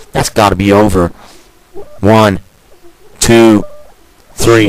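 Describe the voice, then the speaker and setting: Deep-voiced wrestling commentator. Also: male voice, background noise. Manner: chatty, rambling asides and plugs. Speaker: wrestling commentator and show host. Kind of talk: video game wrestling commentary.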